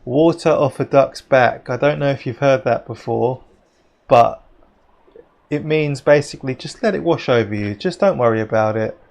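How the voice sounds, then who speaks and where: English guy, live sim racing streamer, chatty and matey, gravelly fry in the voice, mid pitch. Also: moderate pace, a little mellow. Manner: chatty, matey, chatting with viewers while driving.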